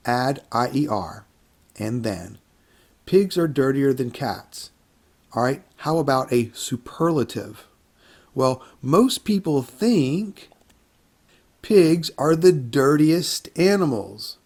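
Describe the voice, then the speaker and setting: A man teaching an English grammar lesson to learners, speaking deliberately and repeating words for them to hear. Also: fairly high pitch, a little mellow. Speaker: English instructor.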